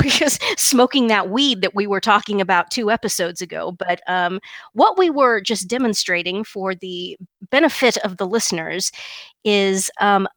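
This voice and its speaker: A woman's voice: mid-range voice, a bit bright, no echo. A woman co-hosting a podcast, ranting indignantly and emphatically, often restarting and repeating words. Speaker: podcast co-host. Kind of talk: opinionated podcast rant.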